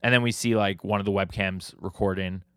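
A man's voice: low voice, steady tone, fairly quick, smooth, dry recording. A man hosting a podcast, recapping comic chapters in a casual, rambling way, full of "like" and casual swearing. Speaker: podcast host.

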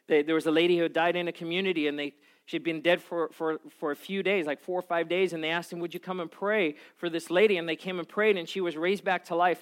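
Male pastor, higher pitch, sermon delivery with prayer and lively anecdotes. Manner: prayerful, then animated storytelling.

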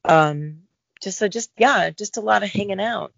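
A middle-aged woman, a guest actor, talking in a relaxed, reflective interview about her career. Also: mid-range voice, normal speed, vocal fry, no echo, muffled recording. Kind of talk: casual interview chat.

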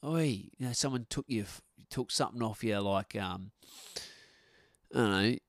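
Gravelly, low-voiced podcast man. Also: moderate pace, dry recording, studio quality. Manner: blunt and sweary, rambling with restarts. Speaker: podcast host. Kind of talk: casual podcast rant. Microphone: podcast microphone.

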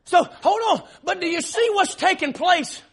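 A male pastor telling a story in an emphatic sermon, often shouting and laughing as he preaches. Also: extremely high pitch, normal speed, gravelly.

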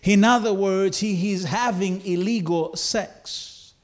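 A man preaching a sermon, slow and emphatic, building repeated phrases to a climax. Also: sits high. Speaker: pastor.

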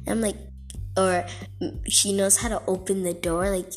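A woman's voice: medium pitch, level tone, moderate pace, husky. Woman vlogger, casual exasperated rant with lots of "like" and "okay", faint music under the voice.

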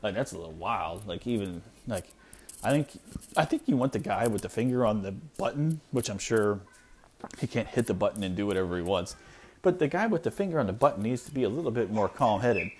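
A man's voice: on the low side, animated, fairly quick, darkish tone, slight background noise. A man in his thirties hosting a solo podcast, ranting bluntly and with exasperation, with lots of "like" fillers, recorded at home with his small kids nearby. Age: 30s. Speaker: podcast host.

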